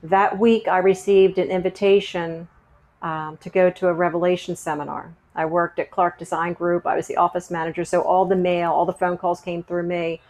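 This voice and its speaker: A middle-aged woman sharing her personal faith story in a conversational interview, animated and chatty, acting out the dialogue she quotes. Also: fairly low pitch, moderate pace. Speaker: guest sharing her testimony.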